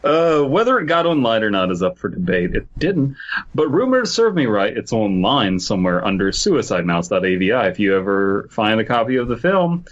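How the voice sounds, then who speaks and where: A man's voice: on the low side, very animated, normal speed, muffled recording. A man co-hosting a podcast, chatting playfully and reading a story aloud. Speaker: podcast co-host. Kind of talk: casual group chat.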